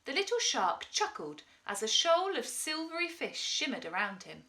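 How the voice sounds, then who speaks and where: Woman teacher reading aloud to kids, bright and lively, highish voice. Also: moderate pace. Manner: expressive, animated reading. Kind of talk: storybook read-aloud.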